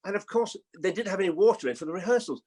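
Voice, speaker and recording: An older man, a guest actor, telling anecdotes in an animated way and acting out the voices in them. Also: high voice, racing. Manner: animated storyteller, acts out voices in his anecdotes. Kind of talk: anecdotal chat.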